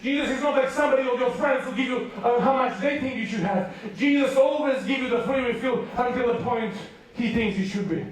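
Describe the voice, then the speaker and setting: High-voiced preacher in an echoey hall. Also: male voice, a little fast, hardly any pauses. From United Kingdom. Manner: animated, acts out voices, laughs often. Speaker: youth preacher. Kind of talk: storytelling sermon. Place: large hall at a school rally. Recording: echoey hall, distant mic.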